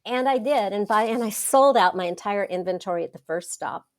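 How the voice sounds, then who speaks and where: A middle-aged woman, a wealth coach, telling stories in a casual interview with dramatic, expressive delivery. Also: medium pitch, a little fast. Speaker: wealth coach, podcast guest.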